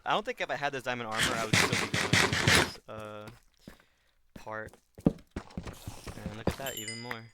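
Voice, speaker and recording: A man's voice: fairly low pitch, steady tone, moderate pace, long pauses. A young man rambling casually while playing a game on stream, often restarting his sentences as he thinks aloud. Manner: rambling, self-correcting, talks while playing. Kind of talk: casual gaming stream chat. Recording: loud background noise with clicks.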